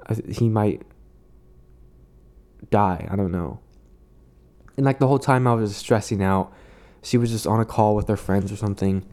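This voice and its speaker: Young male vlogger, mellow and low-pitched, halting delivery, drained and resentful. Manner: halting, full of restarts and "like" fillers; weary and resentful. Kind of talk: casual venting monologue.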